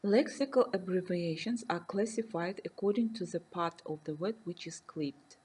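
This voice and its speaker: A woman lecturer reading a recorded university lesson slowly and carefully, defining terms and giving examples. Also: lowish voice, darkish tone, husky, rough recording.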